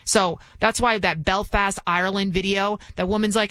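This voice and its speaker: A woman's voice: mid-range voice, fairly even intonation, moderate pace, fairly bright tone, dry recording. A woman filling in as a talk radio host, delivering a combative, scornful monologue full of restarts and asides.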